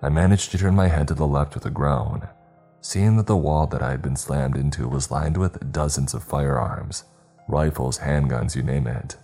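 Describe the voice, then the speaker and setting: Very deep-voiced man narrating horror. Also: moderate pace, mellow, soft background music.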